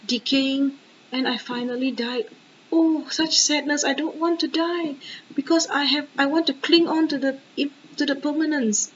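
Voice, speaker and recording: A woman's voice: high voice, muffled recording, slight background noise, voice pushed up, lightly acted. A woman voicing a sad, falling flower that clings to life, lamenting its own death in a self-pitying, wailing manner.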